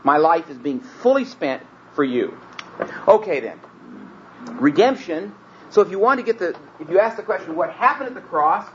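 A man teaching scripture in a sermon, earnest and emphatic, slowing down and rising in pitch when he reads the text aloud. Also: lively intonation. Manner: earnest, emphatic, slows and rises on quoted scripture. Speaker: Bible teacher. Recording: dull lo-fi recording with faint hiss.

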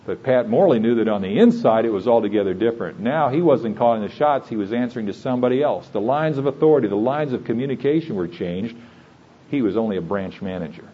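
A man's voice: mid-range voice, slightly rough, muffled recording. A man preaching a sermon in an earnest, conversational way, building to emphatic points.

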